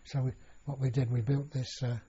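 A man's voice: medium pitch, little pitch movement, a little fast, warm tone, slightly rough. An older man recalling his past in an oral history interview, rambling with many restarts and fillers. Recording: dull lo-fi recording.

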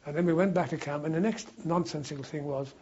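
A man's voice: on the high side, fairly even intonation, quick pace, a little mellow, breathy edge, muffled recording. An older man, a war veteran, recalling old times in a rambling, anecdotal way for an oral history interview. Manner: rambling anecdotal storytelling, frequent restarts.

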